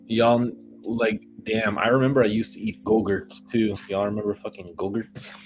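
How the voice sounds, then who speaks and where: Deep-voiced man rambling on a livestream. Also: level tone, moderate pace, music in the background. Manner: profane, joking, rambling. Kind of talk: casual rambling livestream chat.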